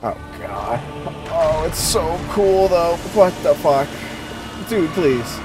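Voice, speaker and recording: A young man swearing and commentating his gameplay in exasperation, yelling in panic at a boss. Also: fairly high pitch, sing-song, slow pace. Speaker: gaming streamer. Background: game music.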